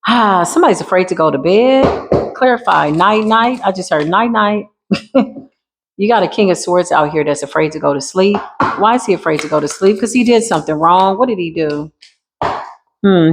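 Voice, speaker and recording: Lowish-voiced lady doing a tarot reading, blunt, slangy, real casual. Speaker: tarot reader. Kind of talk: spiritual reading monologue.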